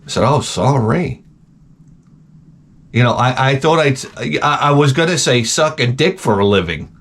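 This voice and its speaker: A man's voice: medium pitch, animated, a little fast, fairly bright tone. A man hosting a show, rambling through crude comedic chat and trailing off into mumbled asides. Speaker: show host.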